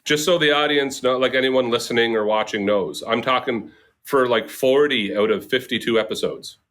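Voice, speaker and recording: A man hosting a casual comedy podcast with friends, animated and laughing as he talks. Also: medium pitch, moderate pace. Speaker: podcast host.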